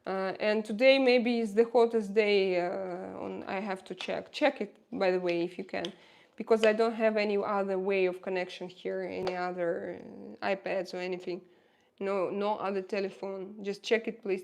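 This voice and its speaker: A woman's voice: mid-range voice, fairly even intonation, normal speed, creaky, a little mellow. A woman with a Russian accent hosting a casual livestream, chatting, reading viewer comments aloud and answering them, often laughing. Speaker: livestream host.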